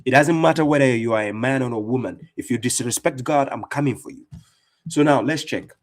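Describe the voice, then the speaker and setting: A man's voice: mid-range voice, a little fast. A man giving fierce, mocking religious commentary as an Islamic debater and streamer, speaking with heavy emphasis.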